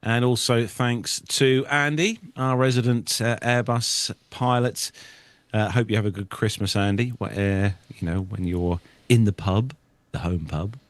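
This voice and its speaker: Man, podcast host, lowish voice, dry close sound, genial chatty sign-off. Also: fairly even intonation, a little slow, dry recording. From United Kingdom. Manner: chatty, genial, thanks each guest in turn. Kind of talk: casual podcast chat and sign-off.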